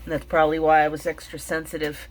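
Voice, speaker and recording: A middle-aged woman telling an emotional personal story, halting, with many fillers and restarts, and sounding tearful and shaken. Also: low voice, monotone, a little hiss or hum. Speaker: vlogger and mindfulness teacher.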